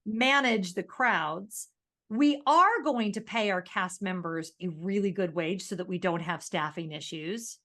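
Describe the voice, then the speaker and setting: A woman co-hosting a podcast, talking in a casual, animated way as she rants and often laughs. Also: mid-range voice, a little slow. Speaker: podcast co-host.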